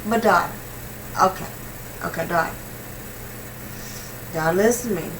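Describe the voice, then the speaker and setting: Woman doing a calm, low-voiced old father. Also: measured pace, background noise, natural voice. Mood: soothing. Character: calm, firm older father soothing daughter.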